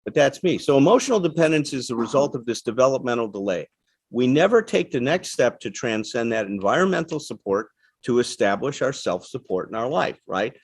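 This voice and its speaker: A man's voice: mid-range voice, sing-song, a little fast, breathy edge, no room sound. A man giving a lecture to a live audience, speaking in a plain, emphatic, conversational way and often checking in with "right?". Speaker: guest speaker on addiction recovery. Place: talk in front of a seated audience.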